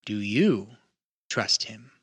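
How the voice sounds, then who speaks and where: A man voicing a composed female wood elf who speaks for her council in measured, formal sentences. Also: fairly low pitch, sing-song, a bit bright, slightly rough, heavily acted. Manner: measured, formal diplomatic speech.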